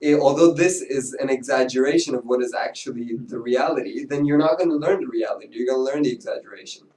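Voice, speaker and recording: A man's voice: medium pitch, quick pace, a little mellow. Man in a roomy discussion, a bit distant. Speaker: discussion participant. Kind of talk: casual group discussion. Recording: roomy, slightly distant mic.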